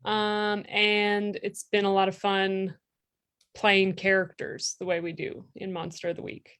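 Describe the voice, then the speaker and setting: A woman's voice: mid-range voice, monotone, unhurried, a bit bright, smooth. Female improv guest from Australia, mid-range voice, laid-back, dry wit, over a video call. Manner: easygoing, dry humor. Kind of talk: casual interview chat. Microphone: video call mic.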